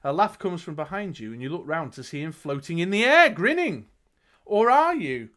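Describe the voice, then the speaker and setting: A man's voice: a little high, big pitch swings, moderate pace, fairly bright tone. A young man reading a fantasy gamebook aloud on a live stream, breaking off to chat and laugh. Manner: reads the book aloud with laughing asides. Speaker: game master reading the gamebook.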